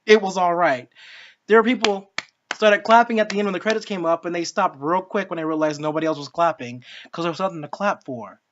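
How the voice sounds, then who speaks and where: A woman's voice: lowish voice, quick pace, noisy background. A woman giving a casual spoken film review, ranting in an exasperated, profane way. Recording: dull lo-fi sound.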